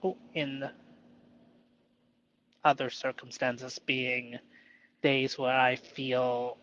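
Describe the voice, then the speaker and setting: A man talking alone about his inner state, halting and self-questioning, who sometimes argues playfully with a mock inner voice. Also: medium pitch, little pitch movement, fairly bright tone, highs cut off, slight background noise. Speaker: vlogger reflecting on improv. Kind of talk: solo reflective monologue.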